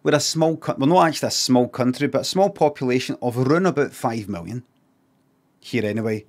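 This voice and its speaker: A man's voice: mid-range voice, a little fast. A man with a Scottish accent chatting casually on a live stream, rambling and swearing, with sarcastic asides.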